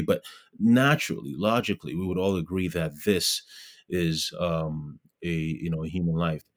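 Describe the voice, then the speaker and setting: Low-voiced guy from ghana, earnest, lots of ums and restarts. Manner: earnest, many fillers and restarts. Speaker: guest, pro-life blogger. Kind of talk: casual interview talk.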